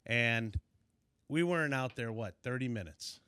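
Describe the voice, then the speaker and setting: A man, a fishing guide from Illinois, telling a story in casual conversation, animated and quick to act out shouted lines. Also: medium pitch, clear, resonant tone, no room sound, studio quality. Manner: animated, acts out shouted quotes. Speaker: fishing guide, podcast guest.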